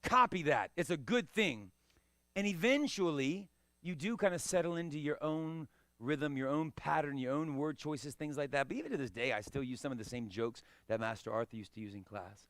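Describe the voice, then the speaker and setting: A man's voice: a little high, normal speed, a bit bright, no room sound, studio quality. A man teaching a live karate class, coaching and encouraging, often checking that students understand. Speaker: karate instructor.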